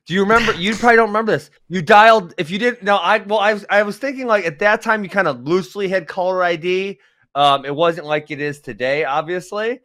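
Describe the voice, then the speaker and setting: A man co-hosting a casual chat, telling stories in an animated way and breaking into laughter. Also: sits high, quick pace, no echo, clean studio sound. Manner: animated storyteller, bursts of laughter. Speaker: podcast co-host, former wrestler.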